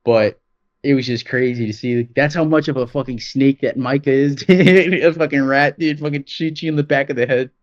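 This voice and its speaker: A man co-hosting a podcast, chatting excitedly about games, peppering his talk with "dude" and swearing. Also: medium pitch, normal speed, highs cut off. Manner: excited, profane, rambling with lots of "dude". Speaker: podcast co-host. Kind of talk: casual gaming chat.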